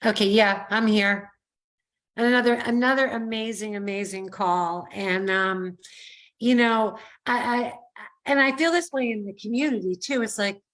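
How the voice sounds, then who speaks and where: Woman nurse giving upbeat, lively remarks on a video call, mid-pitched. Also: normal speed. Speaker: holistic nurse.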